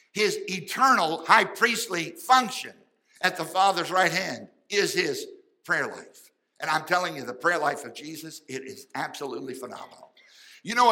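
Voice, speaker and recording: Male pastor, folksy fervent sermon, bright tone. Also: on the high side, poor audio. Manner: fervent, folksy preaching with sudden loud and soft swings.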